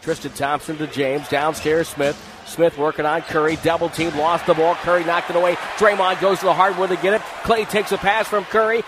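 A man calling live basketball play-by-play in rapid clipped phrases, rising to shouts on big plays. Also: on the high side, level tone. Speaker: play-by-play announcer. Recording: broadcast with arena noise behind. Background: arena crowd and ball bounces.

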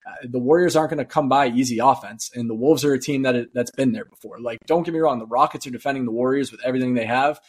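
Fast-talking man breaking down basketball. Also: medium pitch, husky. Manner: rapid, rambling analysis with fillers. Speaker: podcast co-host. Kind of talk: casual sports chat.

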